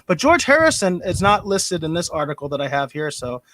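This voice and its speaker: A man's voice: fairly high pitch, very animated, brisk, fairly bright tone. A man co-hosting a pop culture podcast, chatting casually, chuckling often and repeating words as he starts sentences. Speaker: podcast co-host. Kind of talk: casual chat.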